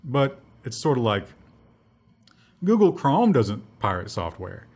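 A man's voice: mid-range voice, big pitch swings, slow, darkish tone, husky. Joking man co-hosting a tech news show. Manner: joking, loose, sarcastic asides. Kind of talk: casual tech news chat.

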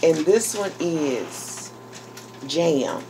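A woman vlogger chatting casually while unboxing a package, talking excitedly to her viewers. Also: sits low, extremely slow, background noise. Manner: chatty and exclamatory, addressing viewers as y'all. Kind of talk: casual unboxing vlog chat.

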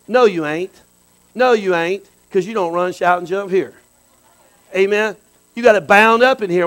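Man, pastor, high voice, sermon, soft asides, loud bursts. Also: moderate pace, poor audio. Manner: animated preaching that swings from soft asides to shouts.

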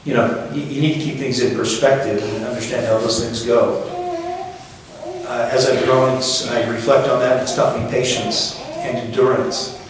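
A middle-aged man giving his father's eulogy at a funeral, speaking in a halting, reflective way with gentle humor. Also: medium pitch, fairly even intonation. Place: funeral chapel. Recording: very echoey hall from far off, faint noise.

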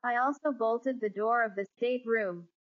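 A woman narrating a classic ghost story in a measured, even storytelling manner. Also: a little high. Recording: dull lo-fi recording.

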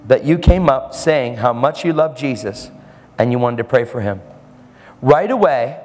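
A man's voice: fairly high pitch, slight background noise. A man preaching a sermon, telling a story and acting out the people in it. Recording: live hall with long reverb and faint ambience.

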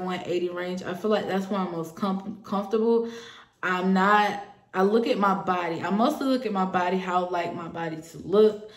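Earnest woman vlogging in an echoey room. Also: medium pitch. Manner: earnest, personal, hopeful. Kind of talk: casual talk to camera.

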